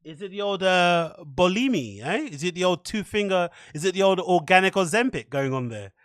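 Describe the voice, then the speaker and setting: A man hosting a podcast, rambling in mocking, profane, animated commentary. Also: high-pitched, normal speed, dry recording, studio quality. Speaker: podcast host.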